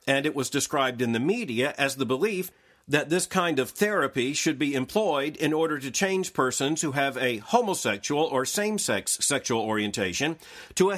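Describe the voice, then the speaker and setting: A man hosting a daily news analysis show, reading scripted commentary in a measured, formal way. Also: medium pitch, fairly bright tone.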